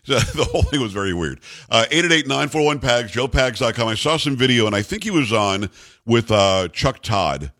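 A man's voice: mid-range voice, lively intonation, moderate pace, bright, forceful tone, no room sound. A man hosting a talk radio show in a studio, joking and teasing his co-host in casual, rambling banter.

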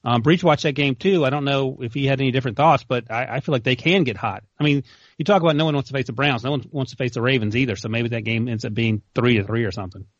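A young man in casual sports debate as a co-host, opinionated and quick to correct. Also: mid-range voice, no room sound, muffled recording. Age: young adult. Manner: fast, opinionated, corrects others.

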